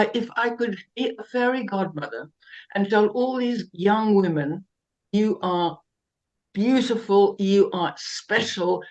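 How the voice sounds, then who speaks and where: An older woman from South Africa, a guest telling lively, self-mocking stories with laughs and many restarts. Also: mid-range voice, lo-fi sound. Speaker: interview guest. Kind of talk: anecdotal storytelling interview.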